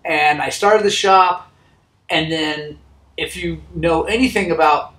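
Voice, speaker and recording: A man who owns a motorcycle shop tells his own story in a heartfelt, halting way, recorded inside his shop. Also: fairly high pitch, fairly bright tone, reverberant, rough recording. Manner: earnest, heartfelt, halting with restarts. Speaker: motorcycle shop owner and channel host. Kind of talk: personal storytelling to camera.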